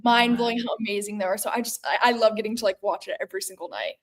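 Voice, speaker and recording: A teenage girl, a student actor, talking in a bubbly, excitable way during an interview. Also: mid-range voice, rapid-fire. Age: late teens. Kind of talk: casual interview.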